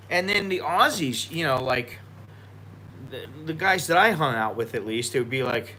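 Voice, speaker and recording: A man's voice: a little high, animated, moderate pace, sharp tone, slight background noise. An American man chatting loosely on a live stream while drinking tequila, swearing and rambling with many restarts. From United States. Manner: profane, rambling, frequent restarts.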